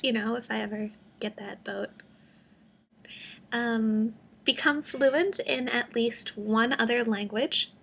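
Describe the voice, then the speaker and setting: A woman's voice: fairly high pitch, gravelly, fairly bright tone, husky. A young woman talking casually to her camera in a rambling, self-deprecating way, full of fillers. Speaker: vlogger. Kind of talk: casual vlog monologue.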